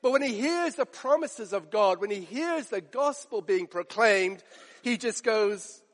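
A man's voice: high-pitched, expressive, a little slow. A man preaching a sermon in an earnest, emphatic way, repeating phrases for effect. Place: church. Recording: long reverb of a large church.

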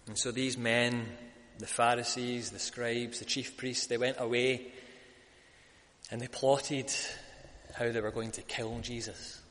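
A man preaching a sermon, building to loud, emphatic peaks when he quotes a crowd. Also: mid-range voice, flat delivery, slow, in a large hall. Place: church.

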